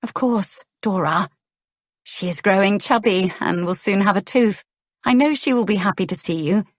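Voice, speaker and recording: A woman narrator voicing an earnest young noblewoman, speaking in a higher, questioning tone. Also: normal speed, dry recording, clean studio sound, natural voice.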